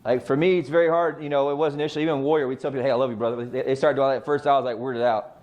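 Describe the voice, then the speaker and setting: A man's voice: medium pitch, steady tone, very fast, darkish tone, muffled recording. A middle-aged man coaching a real estate training session, often asking the group questions and answering them himself. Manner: rhetorical questions to the class. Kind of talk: training talk.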